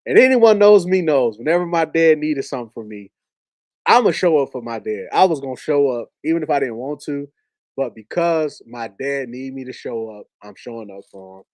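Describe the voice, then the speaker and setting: A man telling a personal story on a livestream as its host, talking candidly with halting restarts. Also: mid-range voice, animated, a little mellow, dry recording. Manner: candid, halting, laughs while telling stories.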